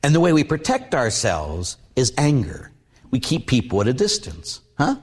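A middle-aged man preaching as a Catholic priest, mixing plain talk with stories. His delivery is animated, and he acts out quoted lines with sudden big jumps in pitch. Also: normal speed, breathy edge. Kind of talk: storytelling sermon.

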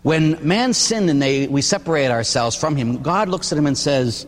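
Older priest preaching in a reverberant church. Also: male voice, on the high side, expressive, normal speed. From Pittsburgh area. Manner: folksy storytelling, frequent "huh?" asides. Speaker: Catholic priest. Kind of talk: sermon. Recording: long hall reverb.

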